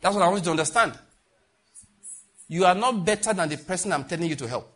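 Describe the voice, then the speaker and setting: Male pastor, emphatic husky sermon voice, slightly high pitched. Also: animated, fast. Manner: emphatic preaching, repeats phrases, swings between loud and hushed.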